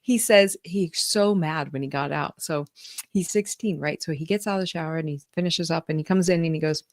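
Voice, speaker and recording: A woman in her forties hosting a podcast, telling a family story in an animated way, acting out the dialogue with lots of fillers. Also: sits low, a little fast, no room sound, studio quality. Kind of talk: conversational interview storytelling.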